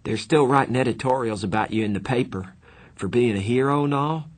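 A man's voice: mid-range voice, fairly quick, pitched above the performer's own voice, lightly acted. A man voicing a tough teenage gang boy whose voice shakes with strain. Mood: overeager. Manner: urgent, strained and shaky. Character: tough teenage male gang kid, desperate.

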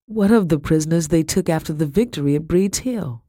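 Man reading as grave elderly noblewoman, earnest, slightly high voice. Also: a little fast, warm tone, dry recording, studio quality, natural voice. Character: grave wealthy elderly widow, woman.

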